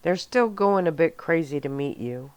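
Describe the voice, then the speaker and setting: A woman voicing a calm, protective young werewolf man in a soft-spoken ASMR audiobook reading. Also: low-pitched, moderate pace, smooth, no echo. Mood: gentle. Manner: calm, caring, quietly serious.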